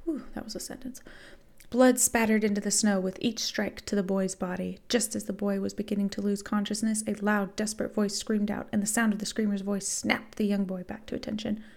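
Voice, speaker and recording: Gravelly woman reading fan fiction wryly. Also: mid-range voice, flat delivery, fairly quick, darkish tone. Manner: wry sarcastic asides. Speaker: podcast host.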